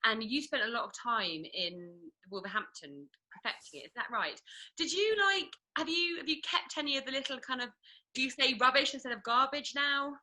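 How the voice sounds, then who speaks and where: Chatty female interviewer, very bright tone. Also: sits high, animated, a little fast, rough recording. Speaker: film interviewer. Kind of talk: casual interview chat.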